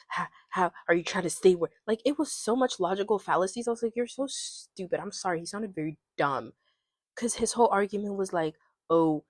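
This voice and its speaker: A woman's voice: lowish voice, dry recording, studio quality. A young woman from Ghana, recording a casual solo rant, opinionated and sarcastic. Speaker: podcast host.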